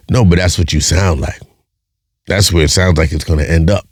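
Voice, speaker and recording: A man's voice: low voice, steady tone, a little fast, breathy edge, no room sound, studio quality. A man hosting a podcast, talking bluntly and profanely, firing off rhetorical questions and repeating himself. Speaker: podcast host. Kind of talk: casual monologue.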